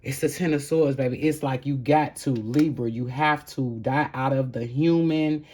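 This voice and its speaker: A woman's voice: very deep voice, moderate pace, dark tone. A woman giving a casual, spiritual tarot reading to camera, heartfelt and encouraging, rambling with fillers as she speaks straight to her viewers. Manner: encouraging, addresses viewers directly. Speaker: tarot reader.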